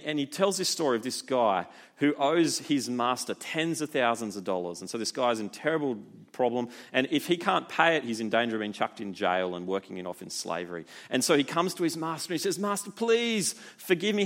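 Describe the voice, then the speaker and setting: A man preaching a sermon in a relaxed, conversational way, often asking rhetorical questions. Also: medium pitch. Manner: animated, informal, asks rhetorical questions.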